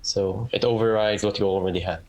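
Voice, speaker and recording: A man playing a tabletop game, describing moves haltingly with fillers. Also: lowish voice, steady tone, a little mellow, slight background noise, poor audio. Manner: halting, thinks aloud with fillers. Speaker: player. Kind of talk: casual tabletop play.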